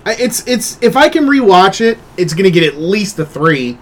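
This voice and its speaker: A man's voice: high voice, very animated, moderate pace. A man co-hosting a casual podcast chat with short, easygoing replies. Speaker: podcast co-host.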